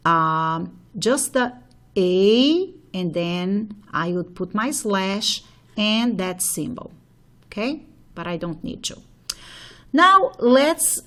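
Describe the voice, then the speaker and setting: A woman teaches a phonology lesson at an unhurried, measured pace. She walks through each example step by step, pausing to check in with her students. Her voice sits at an ordinary middle pitch. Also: fairly bright tone. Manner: slow, step-by-step explaining with frequent "okay?" checks.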